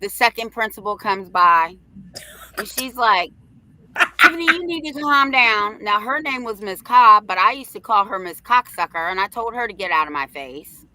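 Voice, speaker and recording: Brash, bright-voiced storytelling woman. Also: mid-range voice, normal speed, no room sound. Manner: brash and profane, animated storytelling with acted quotes. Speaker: live show co-host. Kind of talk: casual storytelling chat.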